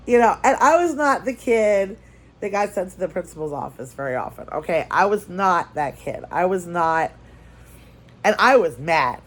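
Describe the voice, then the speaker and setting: A woman with a slightly low voice chats casually as a crafting vlogger. She tells a story with lively energy and repeats phrases to drive her point home. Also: normal speed.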